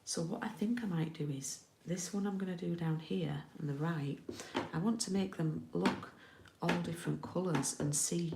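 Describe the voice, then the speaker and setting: A woman's voice: fairly low pitch, moderate pace, vocal fry, few pauses, echoey room, noisy background. A middle-aged woman from the UK giving a casual card-making tutorial, chatty and often checking in with her viewers.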